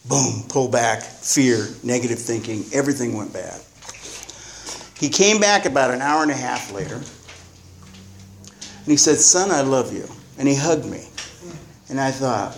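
A man's voice: medium pitch, lively intonation, measured pace, long pauses. A man telling his own recovery story at a meeting, blunt and rambling, with profanity. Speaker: recovering alcoholic sharing at a meeting. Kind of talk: candid personal testimony.

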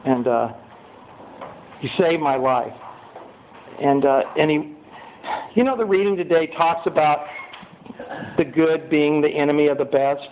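A man tells his recovery story in a high, expressive voice and gets loud as he relives the scenes. He fills his pauses with filler words. The sound is narrow and phone-like, with a faint hiss underneath. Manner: animated storyteller, with many fillers, who raises his voice when reliving scenes. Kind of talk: personal testimony talk.

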